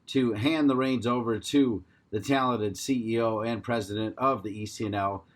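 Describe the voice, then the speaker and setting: A man's voice: medium pitch, steady tone, normal speed. A man hosting a podcast, reading the show's opening in an upbeat, announcer-like way. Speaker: podcast host. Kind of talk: scripted podcast intro.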